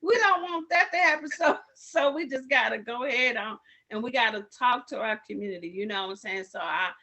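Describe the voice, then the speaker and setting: A woman's voice: fairly high pitch, fairly quick, bright, forceful tone. A woman teaching community medics informally, rambling and correcting herself as she tells stories from the street in casual slang. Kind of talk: informal training talk with personal stories.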